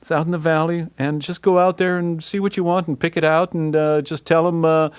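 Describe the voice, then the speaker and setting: A man acting out a laid-back, hip male record executive, talking in an easygoing, slangy way, pitched well above his own low voice. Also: flat delivery, smooth, no room sound, lightly acted. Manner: easygoing, drawn-out slangy talk.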